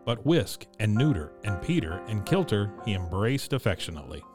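Low-voiced man reading a storybook. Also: sing-song, normal speed, over music. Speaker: audiobook narrator. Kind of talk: scripted storybook narration.

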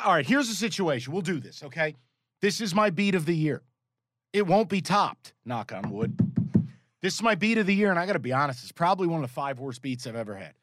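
Male podcast co-host, slightly high voice, exasperated and profane, dry studio sound. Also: fairly bright tone, no room sound. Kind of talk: casual sports betting chat.

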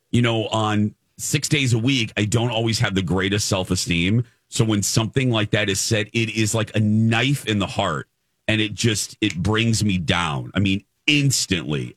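A man's voice: lowish voice, a bit bright, dry recording, clean studio sound. A man in his forties, a radio co-host, telling a personal story in casual chat and acting out the quotes. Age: 40s.

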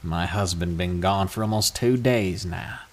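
A man voicing a rude older woman with a Southern accent and a heavy smoker's rasp. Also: deep voice, unhurried. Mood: impatient. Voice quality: gravelly smoker's voice. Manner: curt and rude.

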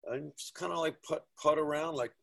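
Husky-voiced man telling stories. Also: a little high, brisk. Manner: animated storyteller, swears freely. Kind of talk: casual podcast conversation.

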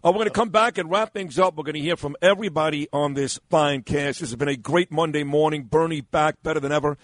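A man's voice: on the high side, fast talker, no room sound. Brash teasing radio host man. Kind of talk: morning talk radio banter. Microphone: studio microphone.

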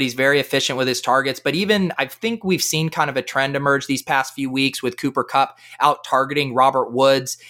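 A young man with a bright, forceful voice breaks down fantasy football picks in a casual podcast chat. He talks with high energy and quick analysis, dotted with "like" and "uh." His tone stays keen and engaged. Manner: energetic, fast analytical talk with fillers.

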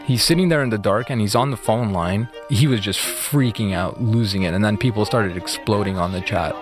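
A man with a somewhat low voice tells his story as an interview guest. He talks loosely and conversationally, leaning on "like" and "you know." Faint music plays behind him. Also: fairly quick. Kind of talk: casual storytelling.

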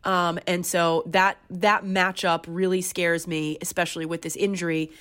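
A young woman co-hosting a fantasy football podcast, giving emphatic opinions in casual chat. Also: on the low side. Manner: emphatic, animated, quick opinions.

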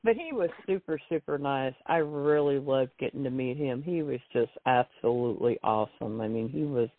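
A woman's voice: very deep voice, normal speed, no echo. A woman chatting eagerly about wrestling shows, often repeating her words as she starts a sentence. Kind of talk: casual chat. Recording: tinny phone line, dry.

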